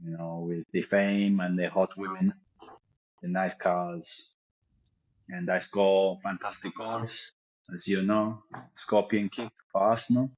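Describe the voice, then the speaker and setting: Man doing a low-voiced, crude, boastful footballer with a wobbly French-to-Yorkshire accent, muffled podcast sound. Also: flat delivery, slow. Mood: scornful. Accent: put-on French accent slipping into Yorkshire. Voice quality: pompous, crude, self-satisfied bragging. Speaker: podcast co-host doing an impression.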